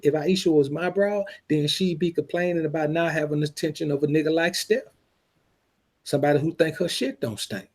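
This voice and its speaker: A man's voice: on the high side, darkish tone, husky. A man co-hosting a podcast, talking bluntly and profanely in a lecturing way. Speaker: podcast co-host. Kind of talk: casual podcast talk.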